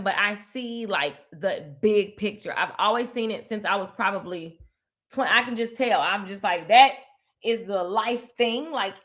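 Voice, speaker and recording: A woman hosting a casual faith-based motivational talk, animated and preachy, calling her viewers "baby" and "honey.". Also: fairly high pitch. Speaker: host of a live motivational stream.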